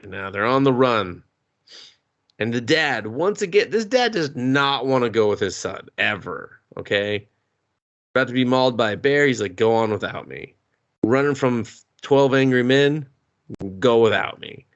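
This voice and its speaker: Animated profane man recapping a film. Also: medium pitch, moderate pace, highs cut off. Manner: animated, swears freely, acts out characters' lines. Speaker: podcast co-host. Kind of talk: casual profane movie recap.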